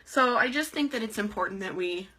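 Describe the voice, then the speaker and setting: A woman's voice: mid-range voice, animated, fairly quick, bright, forceful tone. A young woman live-streaming a casual, heartfelt chat, rambling and leaning on "like" and "you know.". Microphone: computer webcam on a live stream.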